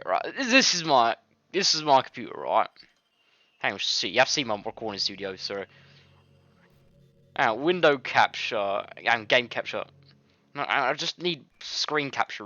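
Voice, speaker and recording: His medium-pitched voice is pushed and bright, with no echo and the highs cut off. At his home studio he records casual let's-play commentary for his gaming videos, rambling, cursing and quick to get annoyed.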